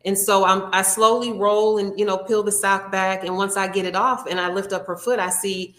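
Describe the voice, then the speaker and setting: A woman's voice: medium pitch, fairly even intonation, normal speed, fairly bright tone, roomy sound. A woman working as a nail technician, telling an earnest, heartfelt story in an interview, acting out what people said. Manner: earnest and heartfelt, with frequent restarts and acted-out quotes.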